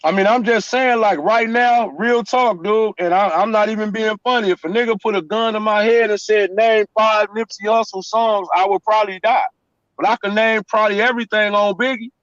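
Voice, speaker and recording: A man's voice: high-pitched, steady tone, a little fast, fairly bright tone, dry recording. Emphatic Los man, dull lo-fi call. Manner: emphatic street storytelling, repeats "you know what I'm saying". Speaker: guest. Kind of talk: casual chat.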